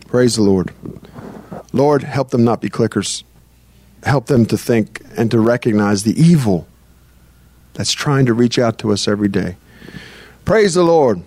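A man's voice: medium pitch, expressive, measured pace, pauses often, darkish tone, slightly rough. A man preaching a conversational sermon as pastor. He speaks earnestly and breaks into prayer as he teaches. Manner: earnest, prays aloud mid-talk.

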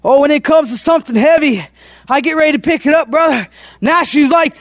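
High-voiced man preaching a fiery sermon. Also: brisk, dry recording, studio quality. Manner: impassioned, often breaks into shouting; folksy, repeated "oh" between phrases.

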